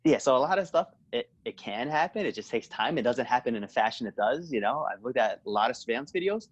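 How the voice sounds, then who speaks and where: An easygoing man talking casually as a podcast guest, a police officer who tells stories from his work. His voice sits at an ordinary middle pitch, relaxed and conversational. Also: quick pace, breathy edge, muffled recording. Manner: easygoing, storytelling with acted quotes.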